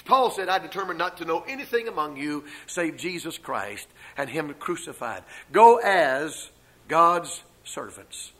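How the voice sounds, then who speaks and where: An older man preaches from the pulpit. He drops into slow, heavily stressed refrains, then hurries through asides in a fairly high voice. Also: lively intonation, pushed and bright, poor audio. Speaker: pastor. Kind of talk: sermon.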